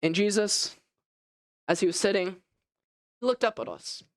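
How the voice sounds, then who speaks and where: A man preaching a first-person dramatic sermon as an animated storyteller whose voice rises and falls. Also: high-pitched, normal speed, dry recording, studio quality. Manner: animated storytelling, voice rising and falling.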